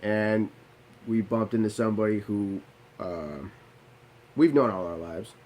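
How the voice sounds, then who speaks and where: Low-voiced man, blunt and profane. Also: a little slow, darkish tone, low-quality recording. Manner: candid, profane, self-deprecating; rambling with restarts. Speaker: vlogger. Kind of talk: confessional storytelling.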